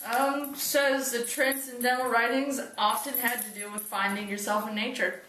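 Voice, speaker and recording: Teen girl reading aloud, high and bright, fillers, distant mic, echo. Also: little pitch movement, moderate pace, faint music behind. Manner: reads with fillers "um" and "let's see". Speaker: student presenter. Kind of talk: reading aloud for a class project. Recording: echoey room from far off.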